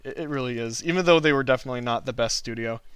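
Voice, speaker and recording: A man's voice: mid-range voice, very fast, clean tone. A man in a mid-range voice hosting a drawing stream and chatting casually with his viewers. He talks loosely and breaks into laughs often. The sound is dry, with no room echo. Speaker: livestream host, cartoonist. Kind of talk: casual chat while drawing.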